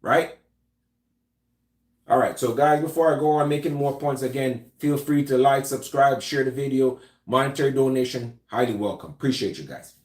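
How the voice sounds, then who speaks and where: A man's voice: medium pitch, moderate pace, reverberant. A man hosting a casual talk show, speaking loosely and conversationally with slang and frequent restarts. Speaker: host.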